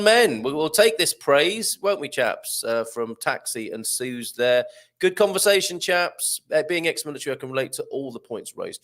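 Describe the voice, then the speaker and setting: A man's voice: medium pitch, fairly bright tone. A man hosting a live chat show, reading out viewer comments in a jokey, chatty way. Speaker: host.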